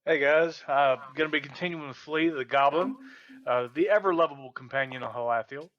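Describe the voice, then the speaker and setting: A man's voice: fairly high pitch, a little fast, no echo. A man introducing his character as a player, casual and upbeat. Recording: dull, dry sound.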